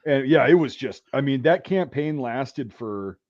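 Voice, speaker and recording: A man hosting a casual podcast, telling profane army stories in an animated way. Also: mid-range voice, measured pace, no echo, lo-fi sound. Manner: profane, animated, shouts out quoted rants. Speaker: podcast host. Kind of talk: casual storytelling chat.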